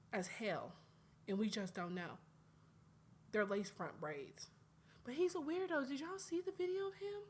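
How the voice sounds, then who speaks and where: A young adult woman from Atlanta hosting her own podcast in an animated, chatty way. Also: fairly high pitch. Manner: animated, chatty, swings between loud outbursts and quiet asides. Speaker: podcast host. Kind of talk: casual solo podcast chat.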